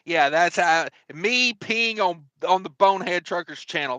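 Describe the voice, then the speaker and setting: Rambling high-voiced man. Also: lively intonation, measured pace, pushed and bright, no room sound. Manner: rambling, joking, lots of fillers and laughs. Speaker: trucking livestream host. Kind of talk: casual live-stream chat.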